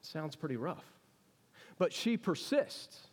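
Preacher, higher voice, reverberant hall. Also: male voice, sing-song, slow. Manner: conversational preaching, asks the congregation questions. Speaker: pastor. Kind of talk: sermon. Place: church sanctuary. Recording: long reverb of a church hall.

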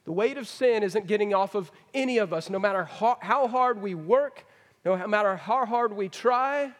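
A middle-aged man preaching a folksy sermon, swinging from emphatic to hushed. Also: sits high, moderate pace. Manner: folksy, rising to emphatic then dropping to hushed. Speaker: pastor. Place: large church hall. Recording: long hall reverb. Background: congregation.

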